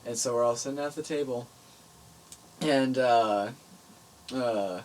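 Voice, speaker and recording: Animated young man telling stories. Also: mid-range voice, slow, rough recording. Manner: animated, jokey storytelling. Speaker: podcast co-host. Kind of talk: casual podcast chat.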